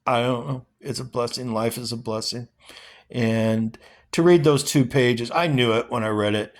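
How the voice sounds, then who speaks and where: Man, vlogger, earnest, rambling, heartfelt, medium pitch. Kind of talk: reading aloud, then personal reflection.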